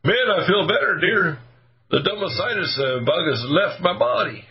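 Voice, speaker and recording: A man putting on the high, whiny voice of a foolish man to mock him. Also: animated, moderate pace, husky, full character voice. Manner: mocking high whine. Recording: muffled radio audio, faint music.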